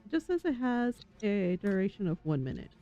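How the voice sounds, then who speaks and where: Excitable player with a lively voice. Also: medium pitch, brisk, dull audio. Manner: excitable, laughs often. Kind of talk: casual chat at a game table.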